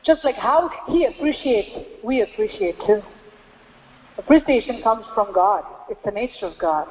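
A woman pastor with a high-pitched voice delivers a sermon, building her points through repeated phrases and rhetorical questions. Her voice rings with a long echo, as if recorded in a large church hall. The sound is a little dull and muffled. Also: lively intonation, normal speed. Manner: repetitive preaching cadence with rhetorical questions.

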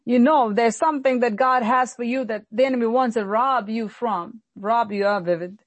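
A woman pastor delivering an earnest sermon, slowing down and repeating lines for emphasis. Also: on the high side, no echo. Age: adult, recalls childhood many years ago.

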